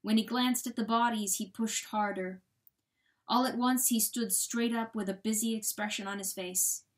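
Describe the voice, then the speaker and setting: A woman narrating a storybook aloud in a measured, solemn storytelling manner. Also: fairly high pitch, steady tone. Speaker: audiobook narrator. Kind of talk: dramatic audiobook reading.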